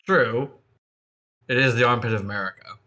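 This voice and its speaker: A man's voice: mid-range voice, moderate pace, bright, forceful tone. A man chatting with friends before a tabletop game session, laughing often.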